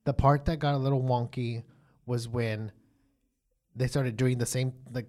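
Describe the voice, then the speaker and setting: A man co-hosting a casual chat podcast, chatty and quick to laugh. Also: mid-range voice. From US South. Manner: chatty, animated, laughs easily. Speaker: podcast co-host.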